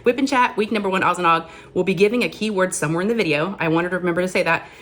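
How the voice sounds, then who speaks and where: A woman's voice: on the low side, rapid-fire, a bit bright. A woman chatting casually as host of a crafting vlog, rambling and self-deprecating.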